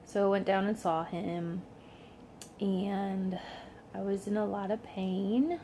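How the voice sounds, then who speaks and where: A woman's voice: medium pitch, fairly even intonation, takes it slowly, mellow, a little hiss or hum. Chatty young woman telling a story. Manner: chatty, says "like" constantly, acts out quoted lines. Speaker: vlogger. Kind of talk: casual storytelling to camera.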